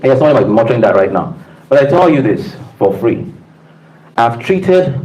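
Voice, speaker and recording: A man's voice: mid-range voice, darkish tone, rough recording. Emphatic man addressing an audience. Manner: emphatic preacher-like delivery with audience call-outs. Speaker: speaker giving a talk. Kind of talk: motivational talk to staff. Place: room with a live audience.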